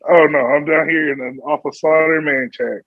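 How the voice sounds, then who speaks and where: A man's voice: a little high, fairly even intonation, moderate pace, no echo, phone-quality sound. A man talking as a podcast guest in casual chat, joking and laughing easily. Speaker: podcast guest, competitive powerlifter.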